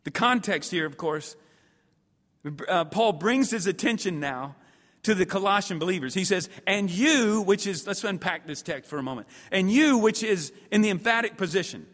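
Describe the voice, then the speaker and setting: A man preaching a sermon at a seminary, animated and emphatic, acting out his listeners' thoughts and swinging between loud and quiet. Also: high voice, moderate pace. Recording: long hall reverb.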